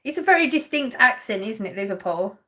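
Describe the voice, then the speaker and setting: A woman's voice: on the high side, lively intonation, a little fast, pushed and bright. A woman hosting a casual livestream, reading viewer comments aloud, laughing often and trailing off mid-sentence. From Essex, England. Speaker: livestream host.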